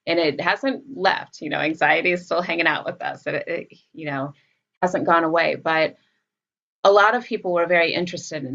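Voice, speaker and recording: A woman psychologist, a guest speaking in a calm, patient way and explaining with everyday examples. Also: deep voice, normal speed, vocal fry, lo-fi sound. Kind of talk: casual conversational explanation.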